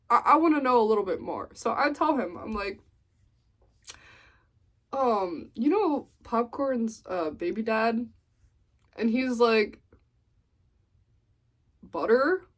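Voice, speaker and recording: A young woman with a fairly high voice tells a story at an unhurried pace. She acts out the quotes as she goes, in a lively storytime vlog. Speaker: vlogger.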